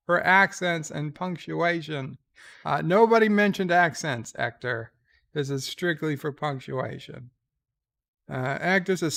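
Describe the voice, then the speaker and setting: A man with a higher voice hosts a casual live stream from his bed, reading chat aloud. He drawls through it with lots of pauses and fillers, a gravelly rasp under his voice, and makes wry, offhand asides. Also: fairly bright tone. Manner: slow, halting, with many pauses and fillers; wry and irreverent. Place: lying in a bed.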